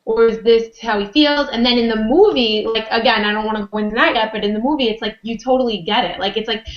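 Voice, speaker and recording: A fairly high-voiced woman hosts a casual podcast chat and steers the talk from one topic to the next. The room rings around her and the sound is a little dull and lo-fi. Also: reverberant. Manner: chatty, leads the discussion. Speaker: podcast host.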